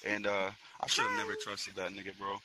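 A man's voice: fairly low pitch, wildly swooping pitch, fairly quick, background noise. A young man from Florida telling a story to friends in a rambling, profane street-slang way. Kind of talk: casual storytelling among friends. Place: online virtual social space.

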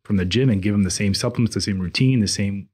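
A man with a husky, lowish voice chatting on a fitness podcast. He rambles and restarts as he tells stories about gym culture, loose and conversational. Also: quick pace, a little mellow. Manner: rambling, hesitant, many restarts. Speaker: podcast co-host and trainer. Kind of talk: casual podcast chat.

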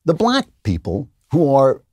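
A man's voice: mid-range voice, wildly swooping pitch, a little slow, darkish tone, husky, no room sound, studio quality. A man hosting a political commentary show, delivering a sarcastic, incredulous monologue with laughter at the clips. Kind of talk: opinionated monologue.

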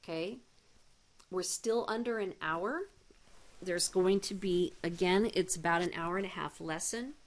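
Her pitch fairly low, a woman who teaches math explains a recorded demonstration lesson one step at a time. She keeps a deliberate pace and adds playful side remarks.

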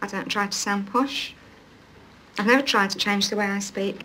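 A woman's voice: mid-range voice, steady tone, moderate pace, sharp tone, natural voice. An actress playing a prim, chatty middle-aged woman who tries to sound posh, talking in a coaxing sing-song way in a film drama. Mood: indignant. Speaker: employer. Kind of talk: 1980s film drama acting.

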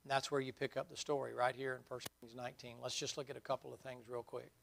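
A man's voice: mid-range voice, flat delivery, fast, creaky, a bit bright, a little hiss or hum. A middle-aged man preaching a sermon, telling stories in a folksy, humorous way.

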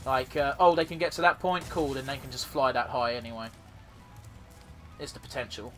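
A man's voice: medium pitch, fairly even intonation, a little fast, fairly bright tone, soft background music. A man casually commentating his own gameplay as a let's play host, rambling and swearing freely.

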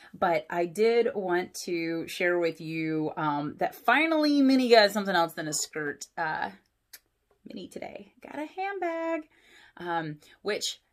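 A woman pastor reading a picture book aloud to children, with friendly asides and questions. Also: lowish voice. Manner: animated storytelling, asides to kids.

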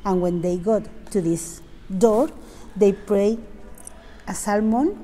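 Mellow woman chatting in a cloister. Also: medium pitch, takes it slowly. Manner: playful, interjecting. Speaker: co-host. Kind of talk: casual tour chat. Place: stone cathedral cloister, indoors. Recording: long reverb of a stone cloister.

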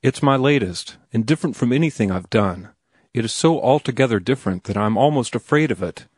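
A man's voice: medium pitch, lively intonation, fairly quick, husky, no echo, studio quality. A man voicing an earnest, headstrong young male writer in an audiobook, blunt and insistent. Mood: excited. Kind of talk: audiobook character reading.

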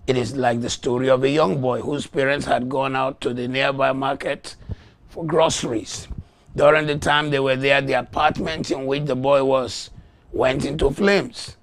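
A man preaching a sermon, slow and emphatic, rising to loud shouts when he acts out voices in a story. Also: medium pitch, fairly even intonation, slight background noise. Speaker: pastor.

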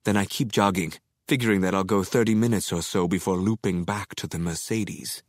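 A man narrating an audiobook in the first person, measured, deliberate and quietly menacing. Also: low voice, steady tone, dry recording, studio quality.

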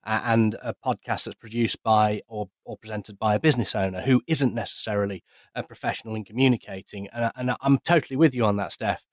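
A man's voice: lowish voice, a little fast, no room sound. A man co-hosting a podcast, giving blunt, opinionated views in casual chat. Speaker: podcast co-host.

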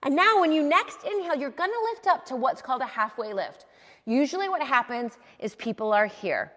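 A woman's voice: high-pitched, sing-song, fairly quick, fairly bright tone. A young adult woman leading a beginner yoga class, chatty and encouraging as she talks students through each pose. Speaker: yoga instructor. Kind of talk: guided yoga class instruction. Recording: long hall reverb.

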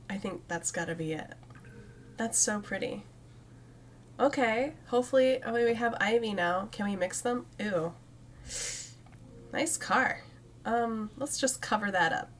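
Slow-talking, chatty woman streamer. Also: medium pitch, a bit bright, a little hiss or hum. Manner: chatty, talks to the game's plants, giggly. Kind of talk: casual let's-play commentary.

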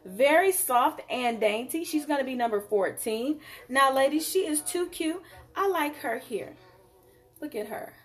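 A woman hosts a live jewelry sale in a casual, chatty way. Her voice sits a little high for a woman. She talks to the viewers directly, calling them y'all and honey, and now and then drifts back from the camera mic. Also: expressive, unhurried, recorded from a distance.

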